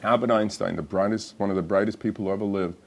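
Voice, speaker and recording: A man's voice: on the low side, fairly even intonation, fast talker, creaky. A man hosting a TV health show, talking casually and chatting to viewers. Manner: chatty, laughs through his own joke. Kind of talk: casual TV talk.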